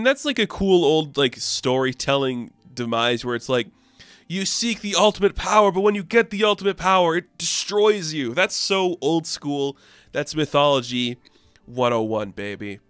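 A man's voice: medium pitch, fairly bright tone, clear, resonant tone, no room sound. A man casually recapping a comic book, chatty and enthusiastic. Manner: chatty, enthusiastic, acts out quotes.

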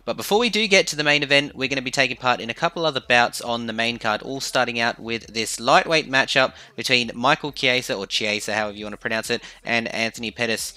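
An upbeat man talking through his gameplay in a chatty way. His voice is bright and forward. It sits on a close, dry mic with no room sound. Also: medium pitch, fast talker, hardly any pauses, no echo. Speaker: gaming YouTuber. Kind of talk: casual gameplay commentary.

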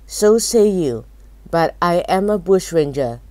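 A woman reading aloud, voicing a masked man in a storybook who speaks in a gruff, demanding way. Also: on the low side, expressive, slow pace, darkish tone, no room sound. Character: menacing masked man claiming bushranger.

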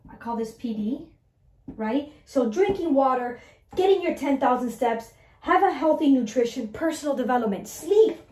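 High-pitched woman coach, animated, keeps saying right, echoey room. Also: moderate pace. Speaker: mindset and weight-loss coach. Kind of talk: motivational talk to listeners.

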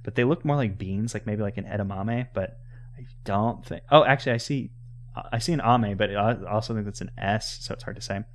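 A man's voice: fairly low pitch, brisk. A young man casually commenting on a game he is playing into a home microphone, rambling and stumbling over restarts. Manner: rambling, with many stammered restarts. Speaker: let's player.

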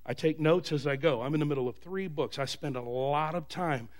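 Male pastor, high voice, call-and-response sermon with shouted peaks. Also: fairly quick. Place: church.

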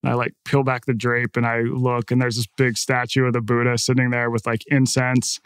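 A man in a casual, animated conversation, guest on a podcast, spinning an anecdote with frequent "like" and "right?" tags. His voice sits at an ordinary middle pitch and is recorded close and dry, with no room sound. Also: moderate pace, clean tone, no echo. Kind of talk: conversational storytelling.

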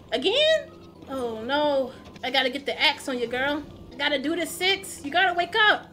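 High-voiced excitable woman gamer. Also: moderate pace, slight background noise. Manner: excitable, loud reactive yelps and cursing; casual, slangy banter with game characters. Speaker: gaming channel host. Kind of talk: let's play commentary. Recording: game music playing loudly underneath. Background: game music.

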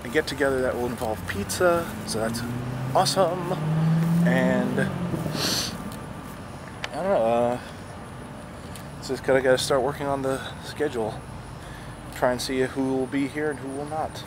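A man's voice: medium pitch, moderate pace, pauses often. A young man talking casually through his day in a rambling, chatty, self-mocking way. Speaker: vlogger. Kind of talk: casual daily vlog. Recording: noisy background ambience.

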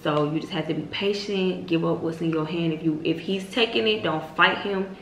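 Woman, twenties, vlogger preaching uplift, emphatic and repetitive, lowish voice, echoey room. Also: normal speed. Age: 20s. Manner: emphatic, preachy, repetitive, bursts into loud high exclamations. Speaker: vlogger host. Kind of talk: motivational faith-based vlog talk. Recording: roomy echo with faint hiss.

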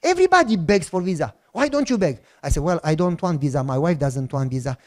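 Middle-aged pastor guy, kinda high voice, acts out the back and forth, goes quiet and low sometimes. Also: quick pace. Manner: animated storyteller, acts out dialogue; drops to a soft low voice at moments. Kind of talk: sermon testimony.

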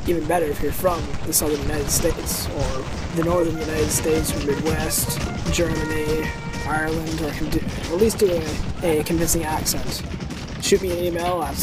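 A man hosting a game video, casually talking through his moves in a relaxed, rambling way with loud music behind. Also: fairly high pitch, low-quality recording. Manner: relaxed, rambling, self-correcting. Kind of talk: casual gameplay commentary. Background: loud background music.

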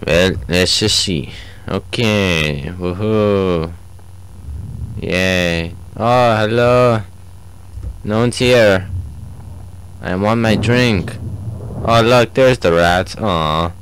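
A deep-voiced young man talks through a horror game at an unhurried pace. He jokes, mutters to himself and taunts the monsters. A faint hiss sits under his voice. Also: a bit bright. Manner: joking, taunts the game's enemies. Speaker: gameplay commentator. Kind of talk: let's play commentary.

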